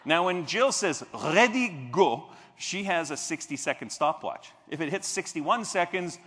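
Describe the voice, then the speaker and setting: Male keynote speaker, fairly high, lively storyteller who acts out scenes, stage mic in a big reverberant convention hall. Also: moderate pace. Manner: animated storyteller, acting out scenes and shouting for effect. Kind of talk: motivational keynote speech.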